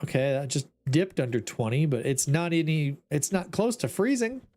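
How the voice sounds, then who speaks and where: A man's voice: a little high, normal speed, mellow. A man streaming a ghost-hunting game, talking to his chat in an exasperated, joking way. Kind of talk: casual gameplay commentary.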